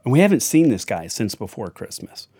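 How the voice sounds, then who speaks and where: A man's voice: mid-range voice, big pitch swings, a little fast, mellow, husky, no room sound, clean studio sound. A man telling a family anecdote in a chatty, wry way with side remarks. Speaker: storyteller. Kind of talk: anecdotal storytelling.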